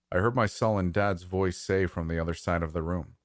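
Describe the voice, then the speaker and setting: A man narrating a first-person horror story in a slow, measured, somber way. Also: low-pitched, steady tone, no room sound, studio quality.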